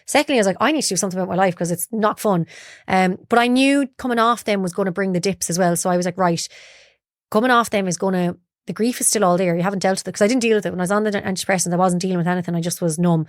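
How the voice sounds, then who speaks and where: Young woman on a podcast, talks really fast and open, dry close sound. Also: medium pitch, no echo. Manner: open, confiding storyteller, acts out her own quotes. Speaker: guest. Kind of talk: candid personal interview. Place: podcast studio.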